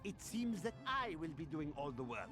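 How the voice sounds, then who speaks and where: A man's voice: on the high side, big pitch swings, normal speed, a bit bright. An actor voicing an old, lazy retired male thief in a video game, theatrical and complaining, full of lofty sayings. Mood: grumbling. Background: game music.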